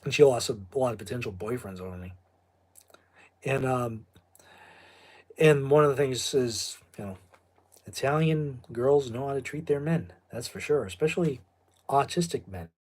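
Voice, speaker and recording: A man's voice: medium pitch, moderate pace, pauses often, darkish tone. A middle-aged man with a New England accent, chatting casually and drifting off on tangents. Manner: rambling and digressive, with asides and laughs. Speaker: video host. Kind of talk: casual chat.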